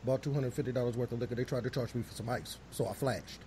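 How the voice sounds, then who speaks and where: A man's voice: medium pitch, fast, dark tone, a little hiss or hum. A man, laid-back and slangy in casual chat. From Bay Area, California.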